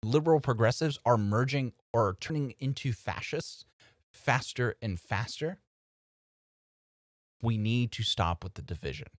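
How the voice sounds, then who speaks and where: A man's voice: medium pitch, unhurried, no room sound, clean studio sound. A man hosting a channel, giving casual political commentary and talking straight to his viewers as folks. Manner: animated and conversational, addressing viewers as folks.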